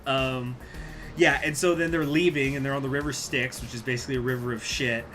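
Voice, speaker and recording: Bright-voiced rambling male streamer. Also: mid-range voice, brisk, soft background music. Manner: rambling, profane, animated retelling. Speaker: gaming streamer. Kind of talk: casual stream chat, reading aloud. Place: home room.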